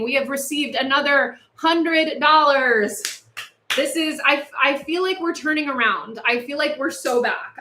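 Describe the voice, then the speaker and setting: A woman's voice: sits high, bright, forceful tone, reverberant, slight background noise. Impassioned chatty woman livestreaming. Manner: impassioned, chatty, laughs between points. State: overheated. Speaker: livestream host. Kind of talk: casual livestream chat. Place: house with no air conditioning.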